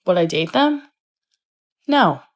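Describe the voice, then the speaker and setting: A woman's voice: on the low side, big pitch swings, takes it slowly. A young woman complains wryly and whinily in a casual vlog to camera. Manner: whiny, wry complaining.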